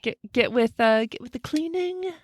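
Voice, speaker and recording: A woman co-hosting a podcast in casual chat, giggly and animated, acting out the voices of people in her stories while recording in a closet. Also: high voice, moderate pace, dry recording, clean studio sound. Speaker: podcast co-host. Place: closet with laundry.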